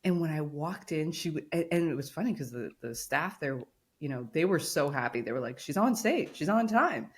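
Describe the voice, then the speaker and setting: A woman's voice: low voice, a little fast, breathy edge. Chatty woman telling a story. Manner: animated storytelling, acts out quotes. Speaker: podcast co-host. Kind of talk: casual chat.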